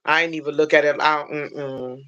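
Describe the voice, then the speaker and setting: A woman hosting a casual livestream on her phone, chatting warmly with viewers she calls baby and honey, greeting each one by name. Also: low voice, fairly even intonation, fairly quick, lo-fi sound. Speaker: livestream host.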